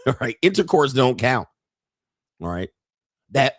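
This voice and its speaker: A man's voice: medium pitch, big pitch swings, moderate pace, pauses often, dry recording, studio quality. A man in his fifties hosting a livestream, talking in a crude, joking, brash way. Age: 50s. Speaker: livestream host. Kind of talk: casual livestream commentary.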